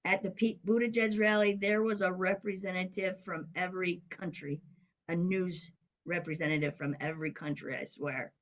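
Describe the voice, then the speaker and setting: Lively middle-aged woman telling a story. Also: lowish voice, normal speed, rough recording. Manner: lively storyteller who acts out quoted voices. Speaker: guest, business coach. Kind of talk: casual storytelling interview.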